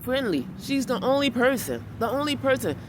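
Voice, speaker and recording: Blunt, high-voiced woman vlogging outdoors. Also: moderate pace. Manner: blunt, animated retelling that turns heated. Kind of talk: casual storytelling vlog. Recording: clear outdoor street noise behind.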